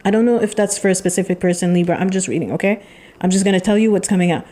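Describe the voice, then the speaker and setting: A woman giving a channeled tarot reading, talking in an emphatic, repetitive way with pauses and sighs. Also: medium pitch, dark tone. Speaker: tarot reader.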